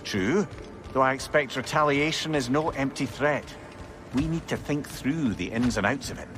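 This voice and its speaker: An actor playing a wry, talkative old counselor, speaking in a dry, wordy way. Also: male voice, medium pitch, moderate pace, natural voice. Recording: game audio with music behind.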